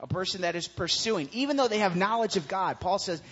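Preacher, male, slightly high pitch, casual animated delivery, dull lo-fi recording. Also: brisk, slightly rough. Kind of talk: sermon.

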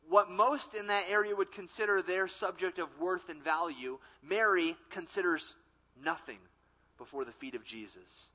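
Bright-voiced young man preaching. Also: sits high, normal speed, low-quality recording. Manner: dynamic preaching with emphatic repetition and acted-out quotes. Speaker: college ministry pastor. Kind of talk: sermon.

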